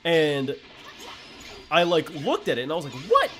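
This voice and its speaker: A man streaming games, chatting casually and telling stories in a blunt, animated way. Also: fairly high pitch, normal speed, soft background music. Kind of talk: casual gameplay commentary.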